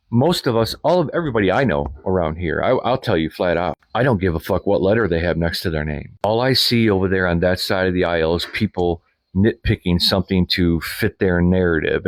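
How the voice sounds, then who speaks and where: A man's voice: low voice, no room sound. A man ranting in a heated political response video, combative and profane, speaking straight at the person he is answering. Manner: combative, profane, addresses viewer directly. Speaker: political vlogger.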